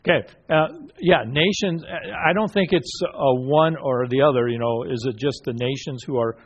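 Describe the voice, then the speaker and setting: Leading a Bible study group, a man asks questions and affirms the answers, speaking haltingly with frequent fillers and restarts. His voice is medium-pitched and slightly rough, and the audio sounds dull.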